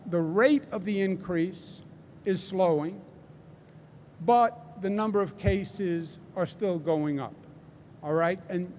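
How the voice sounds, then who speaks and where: Governor at a press briefing: a man with a Queens accent, a higher voice for a man, speaking slowly and emphatically, hammering home each point. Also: darkish tone, a little hiss or hum. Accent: Queens, New York. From New York. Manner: deliberate and emphatic, repeats key phrases, asks rhetorical "right?". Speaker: state governor.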